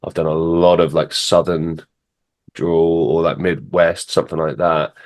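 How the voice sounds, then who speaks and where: A man's voice: low voice, flat delivery, unhurried. A man hosting a podcast, chatting casually and thoughtfully in a rambling way with restarts. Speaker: podcast host. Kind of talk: casual interview chat.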